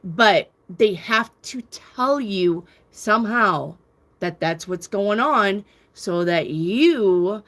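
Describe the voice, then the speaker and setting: A woman's voice: mid-range voice, animated, very slow, a bit bright. A middle-aged woman hosting a casual talk show, speaking emphatically, repeating phrases and lecturing her viewers with firm conviction. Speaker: tarot reader and podcast host.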